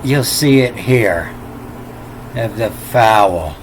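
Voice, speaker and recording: Slow, halting man spelling out letters. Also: on the low side, expressive, a little hiss or hum. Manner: halting, repeats words, spells out letters one by one. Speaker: self-taught lecturer. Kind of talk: unscripted explanation of ancient letters.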